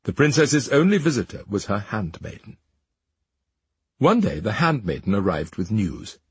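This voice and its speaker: A man reads a fairy tale aloud with expressive, dramatic timing. His voice is deeply husky and breathy, and it rises and falls animatedly. The sound is dry and close. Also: moderate pace, dry recording. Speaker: narrator. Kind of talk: storybook narration.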